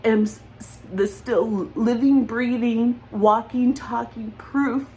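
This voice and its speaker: A woman's voice: fairly high pitch, steady tone, slow, warm tone, faint music behind, rough recording. A woman speaking in an emotional personal monologue, accusatory and repetitive, holding back tears. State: close to crying.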